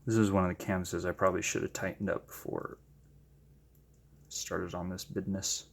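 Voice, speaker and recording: A man chatting casually while he paints, gushing with excited exclamations and making self-deprecating asides. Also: low-pitched, normal speed, creaky. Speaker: paint-pouring channel host.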